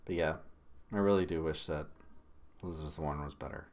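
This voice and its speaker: A man from Michigan hosting a political commentary livestream. He talks bluntly and swears often, with sudden loud bursts between quieter asides. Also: extremely low pitch, fairly even intonation, brisk. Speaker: livestream host.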